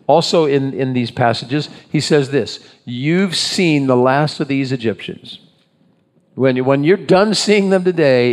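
A pastor with a mid-range, slightly mellow voice leads his congregation in prayer. He then moves into a sermon, putting questions to the listeners along the way.

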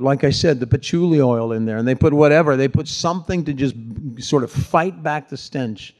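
Middle aged pastor guy preaching, folksy and chatty, kinda jokey, normal pitch. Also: a little mellow. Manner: conversational, folksy preaching with humor. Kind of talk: sermon.

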